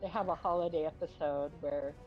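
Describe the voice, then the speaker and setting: A woman chatting casually on a voice call, with quiet remarks that trail off, heard through dull lo-fi voice chat. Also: low voice, steady tone, fairly quick, soft background music.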